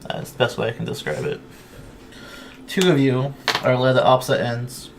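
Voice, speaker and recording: Casting: male game master, mid pitch, laid-back scene-setting, faint background noise. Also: normal speed, vocal fry. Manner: relaxed, descriptive, many fillers. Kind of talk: narrating a tabletop game. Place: home, online stream.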